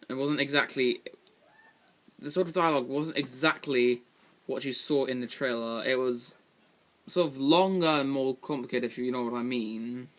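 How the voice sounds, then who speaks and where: A man giving a casual spoken film review from a room at home, rambling with lots of ums and restarts. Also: mid-range voice.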